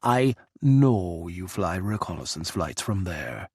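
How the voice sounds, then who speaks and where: A man's voice: sits low, big pitch swings, takes it slowly, a little mellow, slightly rough, no echo, clean studio sound, exaggerated voice. A man voicing a scheming, restless Russian president with a thick Russian accent and a smirking, cutting manner. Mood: sly.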